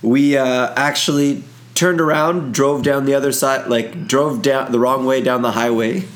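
A man's voice: medium pitch, steady tone, a little slow. A young man from Ontario, Canada, co-hosting a casual podcast, telling stories loosely, swearing and laughing. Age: young adult. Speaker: podcast co-host.

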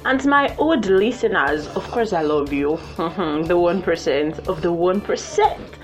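A woman's voice: a little slow, hardly any pauses. Playful woman hosting a podcast. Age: young adult. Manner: playful and animated, with sudden excited high exclamations. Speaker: podcast host. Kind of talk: casual solo podcast chat. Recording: muffled lo-fi with faint music.

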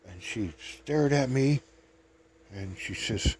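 Male vlogger, rambling stories, mid-pitched voice, faint background hiss. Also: lively intonation, takes it slowly, darkish tone. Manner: chatty, meandering, chuckling. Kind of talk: rambling storytelling.

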